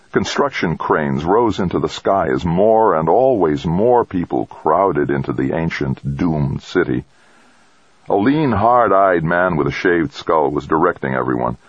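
A man reading a novel aloud in a measured, steady narration. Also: sits low, slightly rough, dry recording, highs cut off. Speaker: audiobook narrator.

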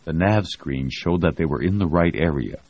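Deep male audiobook narrator, steady delivery, lo-fi sound. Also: moderate pace. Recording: dull lo-fi audio.

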